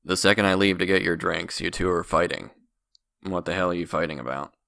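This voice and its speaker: A man doing a gruff, no-nonsense bartender. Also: low voice, steady tone, a little fast, bright, forceful tone, no room sound, studio quality, heavily acted. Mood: blunt. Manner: gruff, matter-of-fact. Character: blunt middle-aged male bartender.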